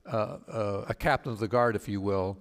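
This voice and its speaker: A man, a pastor, teaching a Bible study in a storytelling way, halting with fillers and restarts and acting out the people he quotes. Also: on the low side, big-room sound. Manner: acts out quoted speakers with voice changes.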